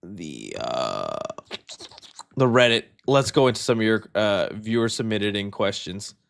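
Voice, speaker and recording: A young man hosting a live show, chatting casually and reacting loudly, calling his viewers "dude.". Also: lowish voice, a little slow, vocal fry. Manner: excitable, loud reactions, says "dude" a lot. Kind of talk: casual livestream chat.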